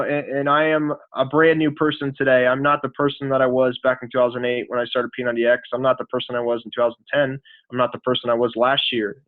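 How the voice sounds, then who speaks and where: A man in his thirties, a fitness coach giving a casual, earnest motivational talk on a team call, full of fillers. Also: medium pitch. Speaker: guest speaker, fitness coach. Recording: tinny phone line.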